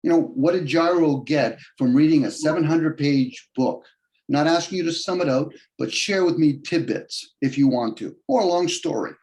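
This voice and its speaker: A man's voice: normal speed, darkish tone. Man rambling on a video call. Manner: rambling, argumentative, shifts pitch often for emphasis and quoted voices.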